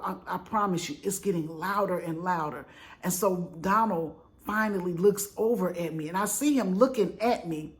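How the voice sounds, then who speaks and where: A middle-aged woman vlogger telling a personal story in an animated, chatty, dramatic way. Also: mid-range voice. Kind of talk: casual storytelling.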